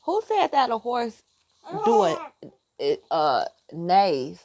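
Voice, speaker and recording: A woman's voice: mid-range voice, huge pitch swings, slow pace, a little mellow. A woman chatting casually to her viewers about a tarot deck. She rambles, laughs often and breaks off to talk to her child. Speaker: tarot vlogger. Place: outdoors. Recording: noisy outdoor recording.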